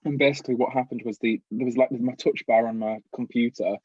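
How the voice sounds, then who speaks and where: A man's voice: mid-range voice, fairly even intonation, quick pace, darkish tone, slightly rough, dry recording. Young man hosting a live stream chat. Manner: upbeat, laughs easily, reads out viewer comments. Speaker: host and show creator. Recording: dull lo-fi stream audio.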